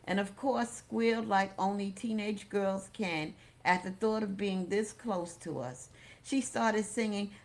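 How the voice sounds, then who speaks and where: A woman reading a memoir aloud as an audiobook, steady and unhurried. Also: mid-range voice. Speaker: audiobook reader.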